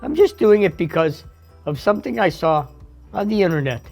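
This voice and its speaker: A woman's voice: mid-range voice, animated, moderate pace, gravelly, darkish tone, faint music behind. A woman voicing a shy, good-hearted young pup in a kids' puppet show, talking in a bashful way. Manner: bashful, sing-song.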